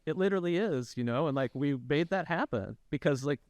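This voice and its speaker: A man's voice: on the high side, brisk, dry recording, dull audio. A man who is a developer educator, guest on a tech podcast, chatting casually and enthusiastically and often tagging his points with "right?". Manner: animated, many restarts and "right?" tags.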